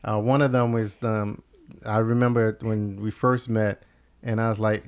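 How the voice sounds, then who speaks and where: A man's voice: lowish voice, flat delivery, measured pace, darkish tone, smooth. A man hosting a casual business chat show, joking and laughing often as he talks. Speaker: podcast host.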